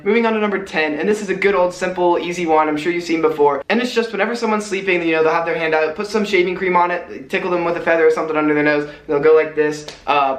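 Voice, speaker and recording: A man's voice: fairly high pitch, fairly bright tone. A young man hosting a casual prank tips video, chatty and upbeat with lots of fillers. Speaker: YouTuber. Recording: echoey room.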